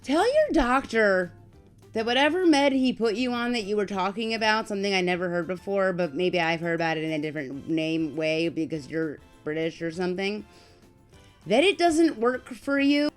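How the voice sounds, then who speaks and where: A woman co-host reacts to clips in loud, blunt, opinionated chat, with her voice at a middle pitch. Faint music plays low behind her. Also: lively intonation, normal speed.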